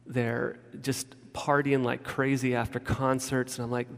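A man's voice: medium pitch, fairly even intonation, measured pace, gravelly, hardly any pauses. A man preaching a casual, story-driven sermon as a pastor, often restarting his sentences. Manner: informal storytelling with frequent restarts. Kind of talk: conversational sermon. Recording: long reverb of a large hall.

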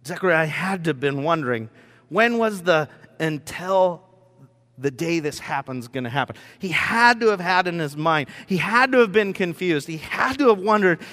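A man pastor preaching a sermon in a room with whiteboards, telling the story in an animated way and acting out the scenes. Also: on the high side, normal speed. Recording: long reverb in a hall.

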